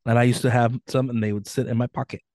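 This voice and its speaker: A man's voice: mid-range voice, level tone, fast, a little mellow, no echo, clean studio sound. A man co-hosting a podcast, chatting casually and joking, often acting out silly voices. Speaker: podcast co-host. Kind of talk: casual chat.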